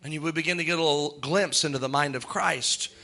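Bright, high-voiced male preacher. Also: vocal fry. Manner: rhythmic litany, drawn-out declarations with chuckles. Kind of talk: sermon.

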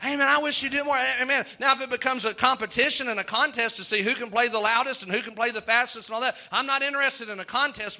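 A man's voice: extremely high pitch, steady tone, quick pace, hardly any pauses, bright, forceful tone. A man preaching a sermon as pastor, building to fervor and punctuating with amens. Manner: preaching with rising fervor, call-and-response amens.

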